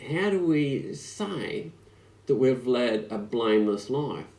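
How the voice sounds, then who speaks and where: A man preaching an online sermon, speaking slowly and reflectively with frequent pauses and fillers. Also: medium pitch, sing-song, vocal fry, darkish tone. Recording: echoey room.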